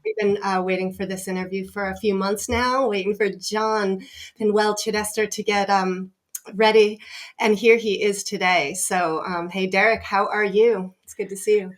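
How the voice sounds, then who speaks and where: A woman's voice: mid-range voice, fairly even intonation, normal speed. A woman co-hosting a podcast interview, welcoming listeners and the guest in an upbeat way. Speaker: co-host. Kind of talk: casual chat.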